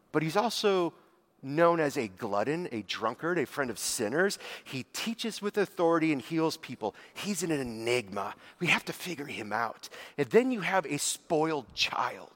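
A man preaching a sermon, telling the story with animated quotes and casual filler words. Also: on the high side.

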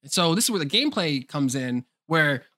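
A man co-hosting a podcast in casual chat, animated, laughing often and swearing freely. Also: a little high, brisk, no room sound, clean studio sound. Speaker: podcast co-host.

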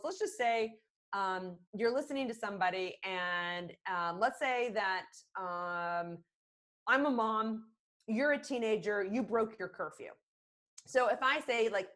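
A middle-aged woman talking as a communication expert on a podcast, animated and expressive, acting out the phrases she quotes. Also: medium pitch. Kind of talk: conversational podcast interview.

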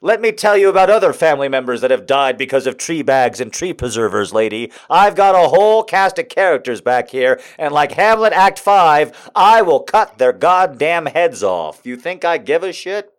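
A man's voice: on the high side, very animated, moderate pace. A man doing stand-up, telling a story with profanity and exasperation and acting out the people in it. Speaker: stand-up comedian.

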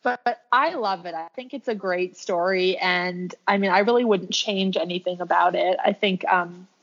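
A woman's voice: fairly low pitch, moderate pace. Chatty woman telling a personal story. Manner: chatty, heavy use of "like" and "um". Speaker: podcast guest sharing her birth story; birth worker with clients. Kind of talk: casual storytelling. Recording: dull lo-fi recording.

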